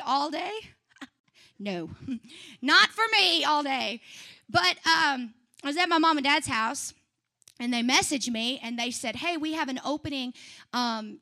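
A woman with a high, bright voice tells her testimony to a church congregation. She is chatty and lively, laughs often and talks straight back to the people in the pews. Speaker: church member giving a testimony.

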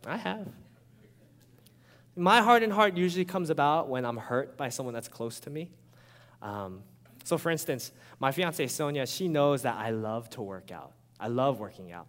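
Lively male preacher in an echoing hall. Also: mid-range voice, normal speed. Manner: animated, conversational, often checks in with the audience. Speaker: pastor. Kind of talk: sermon.

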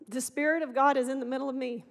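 A woman's voice: high voice, vocal fry. A middle-aged woman giving an earnest, impassioned sermon testimony. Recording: echoey hall.

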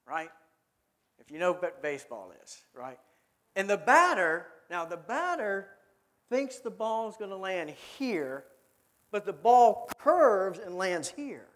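A man's voice: high-pitched, a bit bright. A man preaching a sermon in a conversational way, often asking his listeners questions and repeating words as he thinks aloud.

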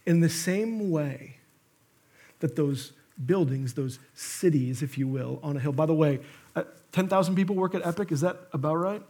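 A man preaching a sermon as a guest pastor, telling stories in an animated way with emphatic bursts and quick asides. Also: a little high, slightly rough.

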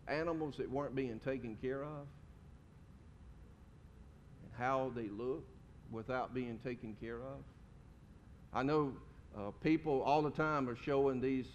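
In a church sanctuary, a male pastor delivers a sermon with a homespun, chatty style, posing questions to the people listening. The recording carries hall reverb and a low, faint rumble.

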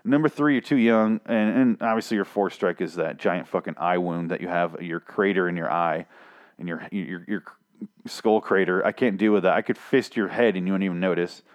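A man's voice: normal speed, natural voice. A man voicing a dismissive, vague teenage girl in a mocking parody. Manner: mocking, exaggerated falsetto parody.

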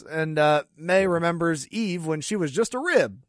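Chatty man with a higher voice. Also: animated, moderate pace, no echo, clean studio sound. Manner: chatty, lots of "like", frequent laughs. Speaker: podcast co-host. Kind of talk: casual chat recapping wrestling.

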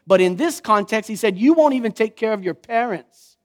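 Animated high-voiced male preacher. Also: a little fast. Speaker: pastor. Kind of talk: sermon.

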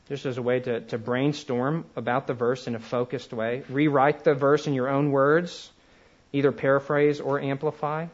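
A man's voice: mid-range voice, muffled recording. Man giving a conversational lecture. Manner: conversational, slows to emphasize words one at a time. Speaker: teacher. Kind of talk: classroom lecture.

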